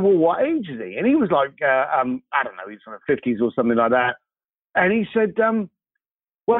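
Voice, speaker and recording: The voice is high-pitched and husky, recorded dry over a tinny, phone-like line. A concierge business owner appears as an interview guest, storytelling in an animated way and acting out the dialogue.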